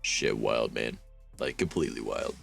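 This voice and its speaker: Very deep, gravelly streamer. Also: male voice, moderate pace, a bit bright, faint music behind. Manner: rambling, wry and self-mocking. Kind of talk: casual stream chat, reading fanfiction aloud.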